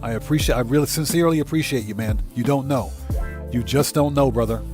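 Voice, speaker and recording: Man greeting his livestream chat over a soft music bed. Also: medium pitch, fast. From United States. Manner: greets chat viewers one by one, heartfelt. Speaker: livestream host. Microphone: desk mic, no face cam.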